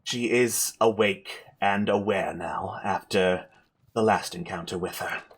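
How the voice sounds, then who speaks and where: A man's voice: low voice, measured pace, breathy edge, voice pushed down. A man playing a weary, spent woman mage.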